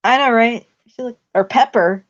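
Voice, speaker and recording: A woman's voice: fairly high pitch, normal speed, no echo. A young woman teasing and giggling in a casual livestream chat. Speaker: livestream co-host. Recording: dull dry lo-fi sound.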